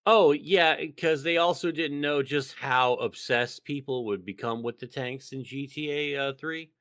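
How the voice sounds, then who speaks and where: A man's voice: a little high, unhurried, fairly bright tone, no room sound, studio quality. A man from Texas co-hosting a casual podcast, profane and rambling, with lots of fillers and restarts. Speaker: podcast co-host.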